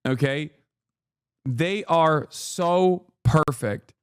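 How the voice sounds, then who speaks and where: A man's voice: on the high side, expressive, a little slow, no echo, studio quality. A male streamer giving casual, rambling commentary in a sarcastic, profane way.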